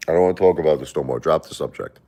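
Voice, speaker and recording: A middle-aged livestream host races along in a rumbling low, warm-toned voice. He gets emotional and defensive with viewers, rambling, doubling up words and restarting his thoughts.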